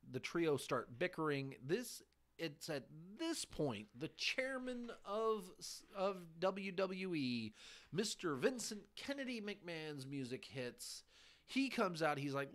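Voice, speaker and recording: A man hosting a podcast, giving a casual recap of a televised show in a halting way, pausing between short phrases. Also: a little high, sing-song, fairly bright tone. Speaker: podcast host.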